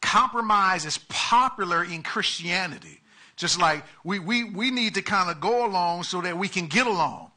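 A man preaching an animated sermon, repeating words and acting out characters, building to loud emphatic peaks. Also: high-pitched, moderate pace.

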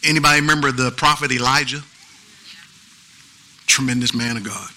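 A pastor preaching an animated sermon with features, calling out to the congregation. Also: male voice, mid-range voice, moderate pace, low-quality recording. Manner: animated preaching with call-and-response asides.

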